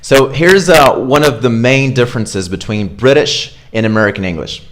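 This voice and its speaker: Speaking in a mid-range voice, a man gives an online accent lesson on English pronunciation. He repeats sample words slowly and talks casually, using fillers.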